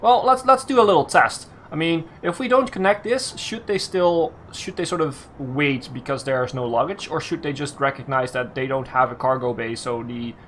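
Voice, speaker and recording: A man's voice: on the high side, normal speed, few pauses, a bit bright, a little hiss or hum. Man thinking aloud over a game. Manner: thinks aloud, restarts and self-corrects often. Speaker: let's play host. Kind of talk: casual game commentary.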